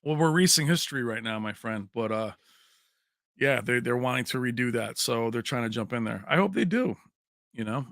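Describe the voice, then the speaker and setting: A man's voice: mid-range voice, lively intonation, a little fast, gravelly, fairly bright tone, dry recording, studio quality. A man hosting a livestream in casual chat. He rambles, laughs often and answers viewers by name. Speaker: livestream host.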